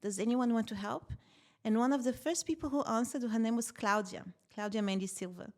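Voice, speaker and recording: Lively woman telling a story. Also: on the high side, a little fast. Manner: animated, laughs often while telling stories. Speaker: podcast guest, tech founder. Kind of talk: casual interview storytelling.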